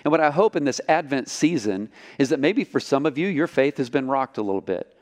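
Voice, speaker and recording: A man preaching a sermon as pastor, storytelling with lively delivery and acting out the quotes. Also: mid-range voice, in a large hall. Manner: animated storytelling, acts out quotes.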